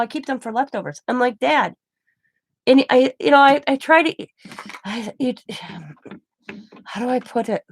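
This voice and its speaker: A chatty Midwestern woman who hosts a craft channel talks casually to camera in a somewhat high voice. The sound is dry and close with no echo, and she tells a rambling story with quoted dialogue.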